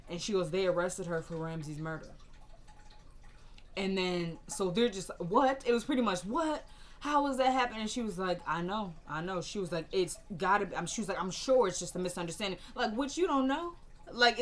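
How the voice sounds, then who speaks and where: A woman recapping a TV episode in casual chat, chatty and opinionated, quoting the characters' lines and turning to her viewers with asides. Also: mid-range voice. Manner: chatty, acts out characters' lines in quick bursts.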